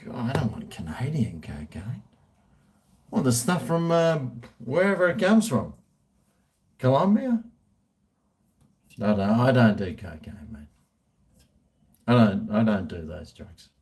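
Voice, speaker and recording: A man's voice: medium pitch, expressive, slow, long pauses, darkish tone. A middle-aged Australian man chatting casually, rambling and joking crudely. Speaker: vlogger answering viewer questions. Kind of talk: casual chat.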